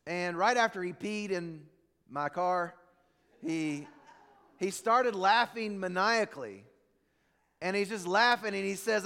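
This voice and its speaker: High-voiced preacher in a reverberant hall. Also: male voice, takes it slowly, creaky, long pauses, sharp tone, clear, resonant tone. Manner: storytelling preacher, acts out quotes, drops low for emphasis. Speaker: pastor. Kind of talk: sermon.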